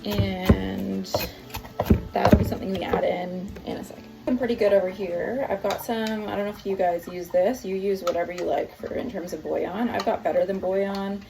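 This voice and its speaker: A woman's voice: medium pitch, fairly even intonation, normal speed, creaky, very noisy. A woman hosting a casual home cooking vlog, chatting and rambling through the steps with lots of fillers and asides. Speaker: cooking channel host. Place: home kitchen. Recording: music in the background.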